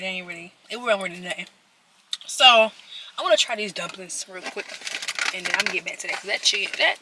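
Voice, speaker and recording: Young woman vlogger, chatty storytime over a meal, bright and a bit high. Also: a little hiss or hum. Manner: chatty, animated, addresses viewers directly. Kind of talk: casual storytime while eating.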